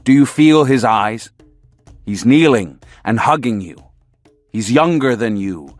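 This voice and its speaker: A man reading as a calm, stubborn old sorcerer. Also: mid-range voice, no room sound, faint music behind. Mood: mesmerizing. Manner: slow, insistent, mesmerizing delivery. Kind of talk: audiobook character reading.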